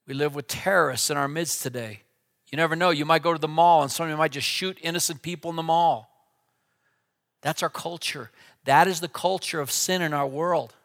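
A man preaching a sermon with dynamic delivery, dropping to a hush and then rising to loud, emphatic lines. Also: fairly high pitch, steady tone, a little fast, creaky.

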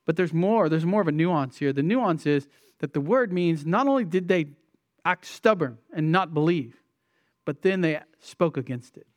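A pastor delivers an expository sermon in a fairly high male voice. He preaches emphatically, rising and falling sharply and slowing to hammer home key words. The recording is dry and close. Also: lively intonation, no room sound. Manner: emphatic preaching with sweeping shifts in pitch and loudness.

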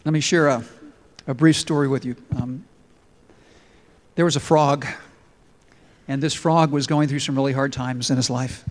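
A man's voice: mid-range voice, fairly even intonation, normal speed, pauses often, in a large hall. A man preaching a sermon as a pastor in an emphatic, storytelling way.

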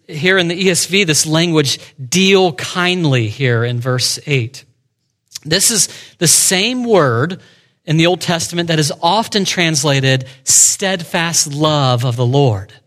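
Male pastor preaching, fairly high voice, expository, drops to a hush for emphasis. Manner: expository preaching with dramatic dips to a hushed voice. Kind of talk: sermon.

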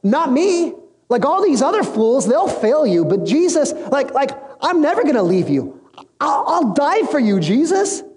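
A man's voice: sits high, huge pitch swings, very fast, few pauses, a little mellow, a little hiss or hum. A man voicing a brash, impulsive male disciple who talks in slang and protests emphatically. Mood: boastful. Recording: long reverb in a hall.

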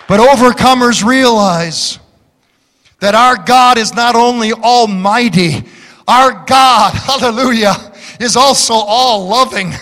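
A man preaching a fiery sermon as pastor, building to shouts. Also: extremely high pitch, takes it slowly, some chatter behind. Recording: large hall reverb.

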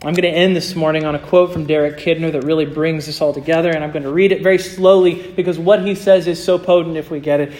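A male pastor preaching a sermon and closing in prayer, earnest, slowing and softening his voice for emphasis. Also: a little high, fairly even intonation.

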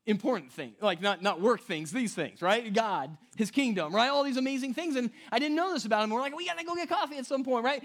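A man preaches in a loose, chatty way, his fairly high voice jumping up and down as he acts out the people in his stories. He keeps checking in with his listeners and slows down to lean on key words. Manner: casual, conversational preaching with frequent "right?" and "like"; animated storytelling, acting out quoted voices. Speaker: pastor. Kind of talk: sermon.

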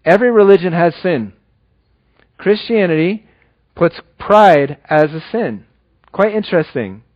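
A man preaching a sermon in an earnest, conversational way, dropping low and slow when he reads scripture. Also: expressive, no room sound, highs cut off. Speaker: pastor.

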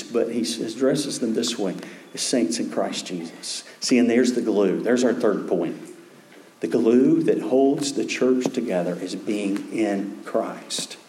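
A man preaching a sermon as pastor, earnest, dropping to a hush and then rising to emphatic calls. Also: medium pitch, roomy sound, slight background noise.

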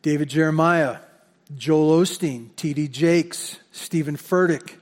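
A man's voice: fairly high pitch, slow pace. A man preaching a sermon as pastor in a church, talking in a conversational way and often repeating words as he corrects himself. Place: church sanctuary. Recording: long hall reverb.

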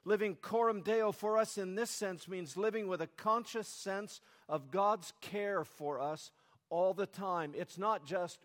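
A man's voice: sits high, unhurried, a bit bright, in a large hall. Older male pastor preaching a sermon. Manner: calls children to repeat sermon points.

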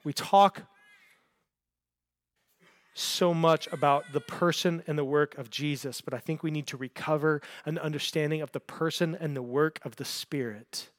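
A man's voice: a little high, fairly even intonation, moderate pace, dry recording. A man preaching a sermon in a church, earnest and given to repeating words as he builds a point. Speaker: pastor. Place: church sanctuary.

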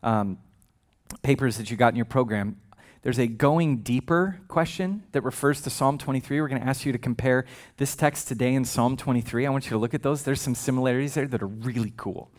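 A man's voice: mid-range voice, fairly quick. A male pastor preaching a sermon in a conversational, humorous way, with frequent asides.

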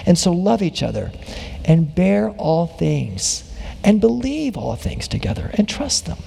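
A man's voice: sits high, big pitch swings, unhurried, gravelly, mellow, slightly rough, long reverb tail. A man pastor delivering a conversational sermon in a church, with dry jokes and easygoing asides. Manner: conversational preaching with self-deprecating jokes. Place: church sanctuary.

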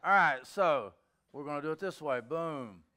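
A middle-aged pastor speaks at a moderate pace in a voice a bit on the high side, delivering a casual sermon. His stories come across like conversation, interrupted by sudden spikes of excitement.

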